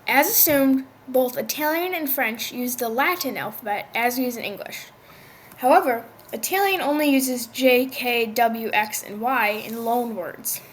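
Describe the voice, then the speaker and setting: A woman presenting a language lesson, reading a prepared script in a steady explanatory way, with the odd slip and restart. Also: a little high. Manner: reads a prepared script, with small slips and restarts. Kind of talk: scripted educational narration.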